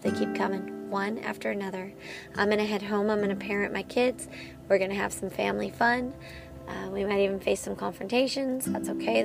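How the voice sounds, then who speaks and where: A woman's voice: mid-range voice, creaky. A woman in her thirties hosting her own podcast as a parent of a child with medical needs, talking candidly and laughing at herself. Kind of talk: personal podcast monologue.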